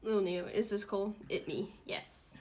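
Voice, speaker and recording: This time her mid-range voice moves at a moderate pace over background noise. The twenties-aged streamer chats casually at home while hosting dinner, talkative and laughing often.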